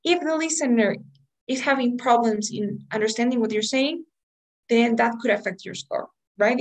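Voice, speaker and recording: Woman, teacher, online class, explanatory, fairly high voice. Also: poor audio. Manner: explanatory, asks "right?" often. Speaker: English test prep teacher.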